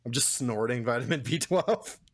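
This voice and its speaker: A man's voice: medium pitch, lively intonation, moderate pace, a loud crowd. A young man chatting casually as a podcast co-host, rambling, swearing freely and laughing often. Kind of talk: casual chat.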